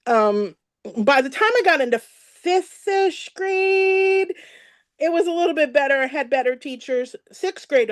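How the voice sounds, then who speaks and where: Woman event speaker, higher voice, animated and emotional personal storytelling, dry close sound. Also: no room sound. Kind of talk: personal story told on stage.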